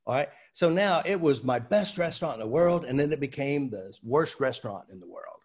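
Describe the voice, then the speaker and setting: Husky man telling stories. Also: medium pitch, a little fast. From United States. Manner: animated anecdotal delivery with fillers. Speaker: guest, seminar trainer. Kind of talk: conversational storytelling explanation.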